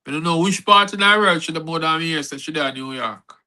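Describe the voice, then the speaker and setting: A man reads his poems in a very bright, ringing voice that sits a little high. His delivery swings between a steady rhythmic recital and loose, rambling asides to the audience. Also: brisk, poor audio. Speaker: performing poet. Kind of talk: spoken-word poetry reading. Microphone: online event recording.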